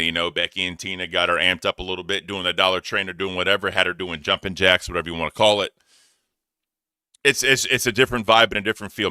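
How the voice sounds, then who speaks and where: Blunt, animated male co-host, fast delivery, bright forceful tone. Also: deep voice, clean tone, dry recording. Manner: animated, loud and blunt, swears. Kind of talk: casual chat.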